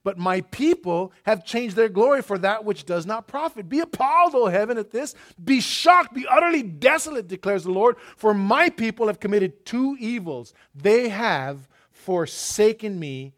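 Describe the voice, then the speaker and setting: A middle-aged man preaching a sermon, telling stories and swinging between loud emphasis and hushed asides. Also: sits high. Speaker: pastor.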